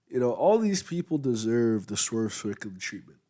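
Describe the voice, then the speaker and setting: Laid-back man with a low, mellow voice. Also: sing-song, moderate pace, hardly any pauses. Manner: rambling, loose, many fillers. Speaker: wrestling show reviewer. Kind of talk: casual spoken review. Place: at home, eating while recording.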